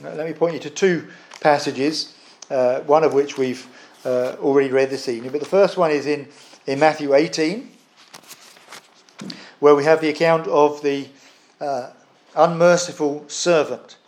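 A man preaching a sermon in an earnest, explanatory way, often pausing with fillers and restarts. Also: on the high side, fairly even intonation, a little mellow.

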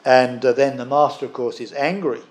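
A man preaching a sermon in an earnest, explanatory way, often pausing with fillers and restarts. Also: mid-range voice, fairly even intonation, a little mellow.

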